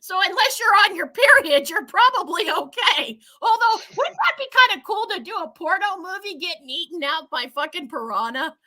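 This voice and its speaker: A woman co-hosting a film review podcast, chatting excitably and laughing often. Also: very high-pitched, moderate pace, hardly any pauses. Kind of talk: casual chat.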